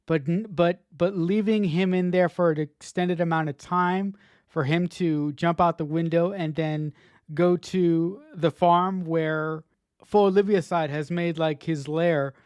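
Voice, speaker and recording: High-voiced man rambling on a podcast. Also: fairly even intonation, measured pace, a little mellow, clean tone, dry recording, studio quality. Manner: rambling, repeats words while finding his thought. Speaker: podcast co-host. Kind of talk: casual TV episode discussion.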